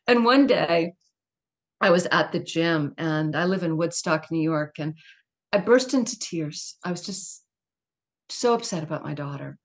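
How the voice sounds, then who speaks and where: A woman's voice: medium pitch, lively intonation, a little slow. A middle-aged woman speaking as a guest in an interview, telling a personal story in a candid, emphatic way with laughs and asides.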